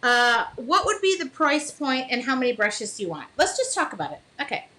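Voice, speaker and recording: A woman's voice: sits high, sing-song, brisk, bright, forceful tone, low-quality recording. A woman hosting a casual live painting demo, chatting with viewers by name and apologizing for small slips as she works. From Michigan.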